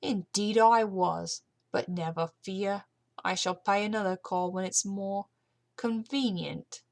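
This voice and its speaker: A woman voicing a menacing, smirking male villain who speaks with slow, mocking politeness. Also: medium pitch, creaky. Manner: sly, unhurried, mocking politeness.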